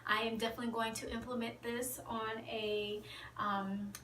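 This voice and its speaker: A woman vlogging in a gushing, excited way about her hair, now and then dropping to a whisper. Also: fairly high pitch, moderate pace, echoey room, recorded from a distance, a little hiss or hum, low-quality recording. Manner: gushing, animated, drops to whispers. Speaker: beauty vlogger. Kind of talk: excited casual vlog chat.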